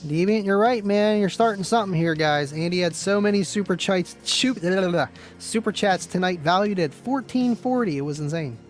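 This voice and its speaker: A man's voice: high-pitched, normal speed, few pauses, soft background music. A man hosting a live stream, chatting casually with viewers, laid-back and chatty, laughing often and calling people "man" and "dude".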